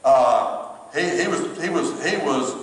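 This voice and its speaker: A man's voice: a little high, expressive, a little slow. A male pastor, preaching a sermon in a conversational storytelling way with emphatic repetition. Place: church sanctuary. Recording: echoey church hall, distant mic.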